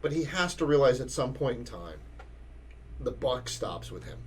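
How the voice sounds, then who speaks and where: A man's voice: mid-range voice, very animated, normal speed, a little hiss or hum. A man co-hosting a casual sports talk podcast, emphatic and often restarting his sentences. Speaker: podcast co-host.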